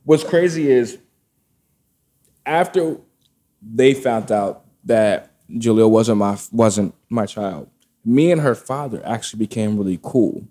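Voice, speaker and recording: A man casually telling a personal story, candid and animated, acting out the dialogue. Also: fairly low pitch, slow pace. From Brooklyn, New York family roots.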